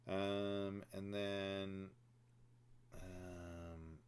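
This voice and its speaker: Very deep-voiced man ranting about films. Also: flat delivery, very slow, slight background noise. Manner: profane, rambling and opinionated; laughs and mimics characters while telling the plot. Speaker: film review podcast host. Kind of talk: casual spoiler discussion.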